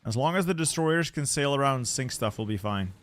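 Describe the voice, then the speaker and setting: A young adult man streaming a strategy game, thinking aloud in a relaxed way and repeating words as he plans his moves. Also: medium pitch, a little fast.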